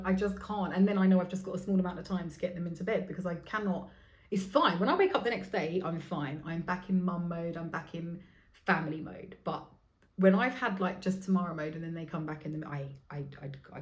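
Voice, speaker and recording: A woman in her thirties hosting a solo podcast, talking in a rambling, confessional way, swearing freely and poking fun at herself. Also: lowish voice. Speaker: podcast host. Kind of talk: candid solo podcast monologue.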